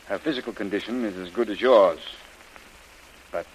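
An actor playing a concerned middle-aged governor, measured and paternal with hesitant pauses, in a hissy old radio drama. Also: male voice, fairly low pitch, natural voice, rough recording. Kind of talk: 1930s radio drama acting.

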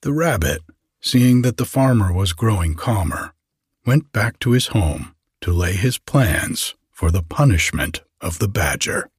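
A man reads a folk tale aloud at a very slow, unhurried pace. His voice is somewhat low and distinctly husky, and it is recorded dry and close. Soft music plays faintly beneath him. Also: animated, dry recording. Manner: measured, unhurried. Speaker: storyteller. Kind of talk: storybook reading.

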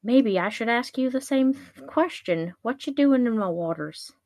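A woman's voice: on the high side, expressive, moderate pace, no room sound. A woman voicing a strange, scaly male lake merman who is pushy and mock-menacing, in a comedic story retelling. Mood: threatening.

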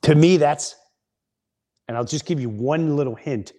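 Slow, rambling man telling a story. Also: fairly high pitch, dark tone. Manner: rambling, with frequent restarts. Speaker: comedian and podcast host. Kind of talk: casual storytelling monologue.

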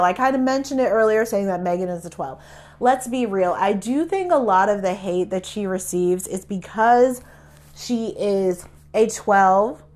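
Young woman podcast host, casual rambling review, frank talker who swears freely, mid-pitched voice. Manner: blunt, chatty, swears freely; filler-heavy with frequent laughs. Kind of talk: casual stream-of-consciousness review.

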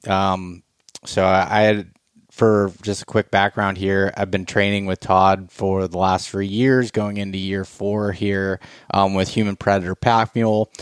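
A man's voice: low-pitched, smooth, no room sound, studio quality. A man hosting a hunting podcast in a casual, rambling way, with fillers and restarts. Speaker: podcast host.

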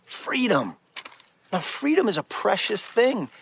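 A man's voice: sits high, very animated, takes it slowly, fairly bright tone, slight background noise. A man giving an earnest, emphatic preaching talk as a Christian speaker, restarting his phrases often.

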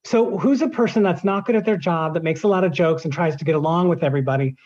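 A man's voice: on the high side, quick pace, darkish tone, muffled recording, slight background noise. A man who narrates audiobooks, answering in an interview and explaining his process at length with examples.

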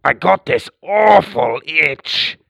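A man voicing a huge, lazy male mole stuck in a tunnel, talking in a low, muffled, apologetic way. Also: animated, slow, gravelly, a bit bright, no echo, exaggerated voice. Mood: sheepish.

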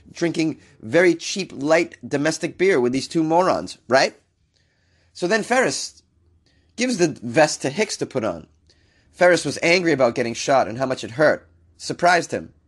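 Hoarse from illness, a male podcast host riffs sarcastically on weird-news stories for comedic effect, sounding exasperated and sometimes bursting into disbelief. His voice is fairly high, with big pitch swings, at a normal speed.

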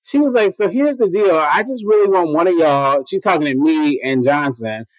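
A man with a noticeably high voice tells a story in a loose podcast chat. He swears freely and jumps into quoted dialogue. The sound is dry and close, with no room echo. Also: normal speed. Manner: animated, profane, acts out quoted dialogue. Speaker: guest telling a story.

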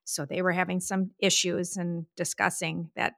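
A woman's voice: on the low side, normal speed, creaky, no echo, clean studio sound. A woman in her fifties co-hosting a podcast, chatting and telling stories, acting out what people said. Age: 50s. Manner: chatty storyteller, quotes herself in lively voices. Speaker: podcast co-host. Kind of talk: casual chat.

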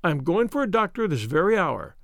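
A worried housekeeper in her later years, speaking in a raised, urgent voice that rises higher as she pleads, as a man puts her on. Her talk is earnest, respectful and fretful. The sound is dry and close to the mic. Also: sing-song, fairly quick, vocal fry, fairly bright tone, no room sound, full character voice. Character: anxious devoted older female housekeeper.

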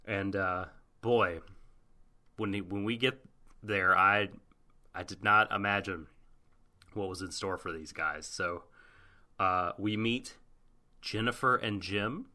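A man in casual podcast chat, recapping an anime episode slowly and rambling with lots of fillers. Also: deep voice, sharp tone. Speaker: podcast co-host.

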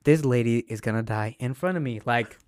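Young man, mid-pitched, dry close mic; animated, profane storyteller who acts out every quote. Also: fairly quick, dry recording. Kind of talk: casual chat.

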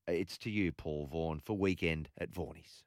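Speaking at a normal pace in a low voice, this Australian late-night sports radio host rambles casually, dropping ums and uhs everywhere. The studio recording is very noisy.

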